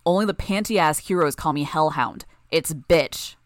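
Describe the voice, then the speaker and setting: A woman's voice: sits low, normal speed, no room sound, studio quality, natural voice. A woman narrator voicing a blunt, hostile young woman villain who spits out her words. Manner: spitting, blunt, profane.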